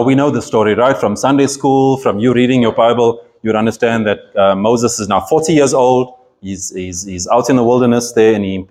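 A man's voice: on the low side, a little mellow. A man preaching a sermon, reading scripture aloud and explaining it with earnest emphasis and frequent restarts.

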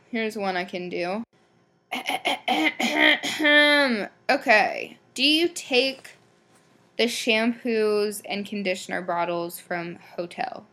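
A woman's voice: medium pitch, a bit bright. A young woman hosting a podcast, chatting casually and bluntly with lots of swearing, ums and likes. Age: young adult. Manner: blunt, swears a lot, rambling; filler-heavy, many ums and likes. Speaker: podcast host. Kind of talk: casual solo podcast chat.

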